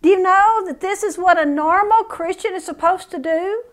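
Bible teacher, female, high-pitched, folksy and chatty between readings. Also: normal speed. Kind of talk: Bible study reading scripture with casual asides.

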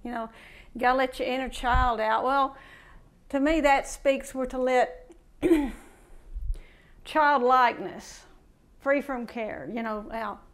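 A woman giving an informal recorded sermon, impassioned and building from quiet reflection to fervent exhortation. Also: high voice, fairly even intonation, takes it slowly, long pauses. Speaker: preacher.

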